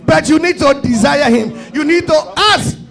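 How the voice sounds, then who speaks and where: High-pitched impassioned Nigerian preacher. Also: male voice, normal speed, creaky, faint music behind. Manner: impassioned, often shouting, repetitive exhortations. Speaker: pastor. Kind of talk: fervent prayer-leading sermon. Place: church service.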